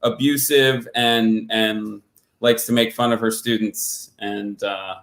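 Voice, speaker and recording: A man's voice: lowish voice, steady tone, slow, a bit bright, roomy sound. A man who is a guest on a talk show, chatting in an easygoing way with dry humor. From Delaware. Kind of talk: casual talk-show chat. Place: studio.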